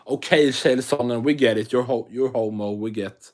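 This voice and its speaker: A man's voice: medium pitch, steady tone, normal speed, hardly any pauses. A Swedish man with a Swedish English accent, chatting casually and profanely on an MMA livestream while reading chat aloud. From Sweden.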